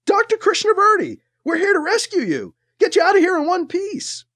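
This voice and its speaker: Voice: very high-pitched, wildly swooping pitch, normal speed, a bit bright, pitched above the performer's own voice, heavily acted. A narrator voicing a sheepish, apologetic male soldier who talks in casual slang. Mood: brisk. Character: nervous male soldier, apologetic trooper leader.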